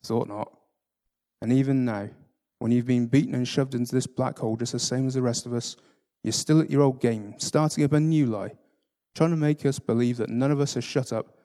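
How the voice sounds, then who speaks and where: A man reading aloud and voicing a surly, grumbling male dwarf, gruff and scornful. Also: mid-range voice, brisk, dark tone, natural voice.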